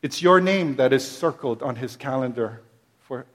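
A man preaching a sermon as pastor, repeating phrases in a steady rhythm, building to emphatic peaks and then dropping soft. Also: mid-range voice. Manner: slow, deliberate delivery.

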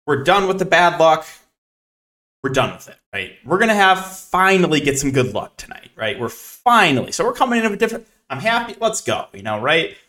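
A man hosts a fantasy sports podcast, commenting casually on his own in a sing-song, slightly fast voice recorded by a camera facing him. He sounds sarcastic and exasperated, keeps saying "right?", and lurches from low mutters to loud outbursts.

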